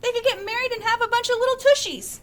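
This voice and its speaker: A woman's voice: extremely high pitch, fast, a loud crowd, voice pushed up. A woman voicing a playful father who jokes in a teasing, upbeat way.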